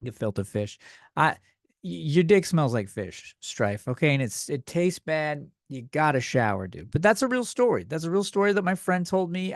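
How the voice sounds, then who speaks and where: A man's voice: a little high, no room sound, clean studio sound. A man hosting a comedy podcast, talking bluntly with lots of swearing, rambling and restarting his sentences. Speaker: podcast host.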